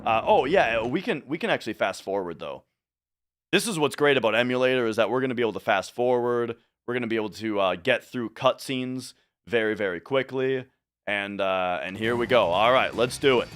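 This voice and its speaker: A man from Minnesota, with a light Minnesotan accent, chats casually on a speedrun livestream. His mid-range voice is animated, a little fast, and fairly bright, and he restarts his sentences often.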